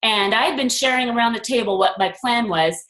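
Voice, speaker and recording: An older woman leading a group video call, telling a personal story and acting out her own inner voices with lively swings. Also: on the high side, fairly quick, reverberant, low-quality recording. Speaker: group leader.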